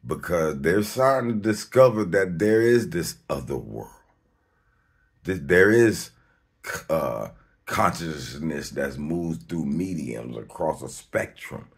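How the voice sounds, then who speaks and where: Deep gravelly guy ranting to the camera, slow and slangy, swears a lot, voice jumps all over. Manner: emphatic, slangy and rambling, with sudden high-pitched outbursts; swears often and laughs between points. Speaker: video host. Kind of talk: unscripted monologue to camera.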